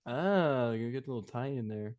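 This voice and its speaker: A man's voice: mid-range voice, expressive, normal speed, darkish tone, dry recording. A man co-hosting a live hockey watch-along podcast, chatting casually and joking with frequent laughs. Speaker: podcast co-host.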